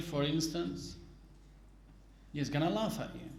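A man's voice: on the high side, expressive, moderate pace, creaky, a little mellow, reverberant. A man giving a religious lesson, explaining rules patiently and repeating key points. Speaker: Islamic teacher.

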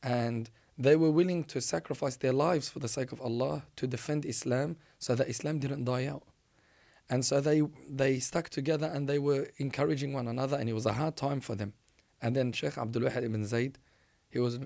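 A man preaching, telling a religious story in an animated, emphatic way and often restarting his sentences. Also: mid-range voice, brisk, creaky.

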